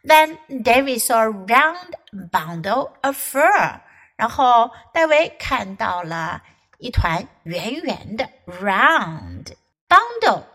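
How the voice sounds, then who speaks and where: A woman's voice: a little high, takes it slowly, poor audio. A woman with an American English accent reading a children's story aloud and explaining it like an English teacher. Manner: expressive, lively storyteller.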